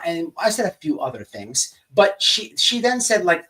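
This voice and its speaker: A man's voice: sits high, moderate pace, few pauses, far from the mic. A man hosting a casual livestream, telling stories in a rambling, profane way and greeting people in the chat. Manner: animated, profane, rambling storyteller. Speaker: livestream host.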